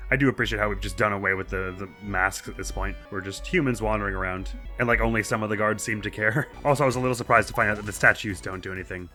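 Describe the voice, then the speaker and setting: A man's voice: lowish voice, fast, sharp tone, soft background music. A young man talking through a video game in casual commentary, chatty and self-deprecating, laughing often at himself. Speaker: let's play host.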